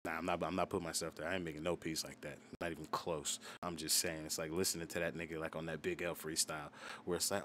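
Low-voiced young man swearing casually. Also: flat delivery, quick pace, fairly bright tone, a little hiss or hum. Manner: loose and profane, heavy on "like"; rambling, self-deprecating. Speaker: rapper and channel host. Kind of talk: casual storytime talk. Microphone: solo voice recording.

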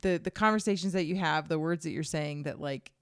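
Woman cohost, low voice, lots of restarts, dry close mic. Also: clean tone, no echo. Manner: halting, many restarts, laughs easily. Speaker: podcast co-host. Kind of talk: casual advice chat.

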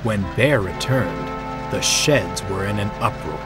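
A man narrating a storybook tale in a measured, expressive way. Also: on the low side. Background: music.

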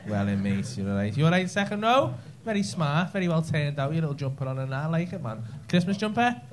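A man's voice: fairly high pitch, very animated, fast. A man doing crowd work as a stand-up comedian on a club stage, crude and teasing, laughing through his jokes. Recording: live club recording with audience laughter and noise. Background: audience laughing.

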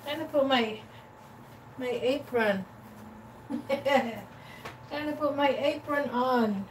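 A woman's voice: high voice, very slow. A woman from the Philippines hosting a casual cooking livestream from her home kitchen, greeting viewers by name and humming while she works. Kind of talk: casual live-stream chat. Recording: distant mic with background noise.

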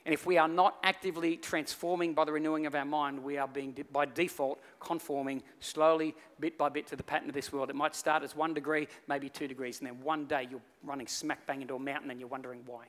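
Animated pastor in a reverberant church. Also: male voice, fairly high pitch, fast, hardly any pauses. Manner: animated storytelling, acts out voices in the story. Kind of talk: sermon. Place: church hall.

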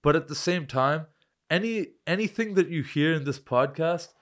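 A young man hosting a podcast, telling stories in lively, slangy casual chat. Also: on the high side, normal speed. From Canada. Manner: lively storyteller, slangy, says bro and man. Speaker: podcast host.

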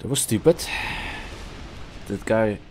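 A man from Austria commentating his own gameplay as a gaming YouTuber, swearing, yelling at enemies and laughing at his own mistakes. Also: fairly low pitch, expressive, takes it slowly, a little hiss or hum. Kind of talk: let's play commentary.

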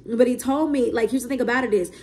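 A woman's voice: on the high side, fast, a little mellow, a little hiss or hum. Emphatic woman preaching prophecy. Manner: repetitive, emphatic, asks okay and right often. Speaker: self-described prophet.

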